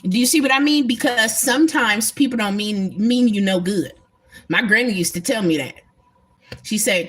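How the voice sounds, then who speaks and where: A woman's voice: mid-range voice, moderate pace, a bit bright, breathy edge. A woman talking emphatically and bluntly to her viewers in a casual spiritual livestream, swearing freely. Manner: emphatic, profane, talks straight to viewers.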